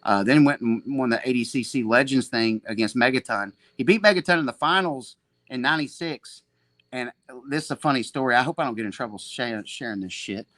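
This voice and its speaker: This forties-aged man, who owns a jiu-jitsu gym, rambles through profane, self-deprecating stories as a podcast guest. He speaks in a mid-range voice, a little fast and slightly bright, on a dry recording.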